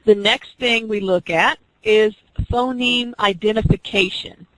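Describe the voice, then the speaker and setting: A woman with a medium-pitched, fairly bright voice speaks at an unhurried pace on a rough recording. She teaches an online class as a teacher educator, explaining reading skills step by step and acting out examples of teacher and student.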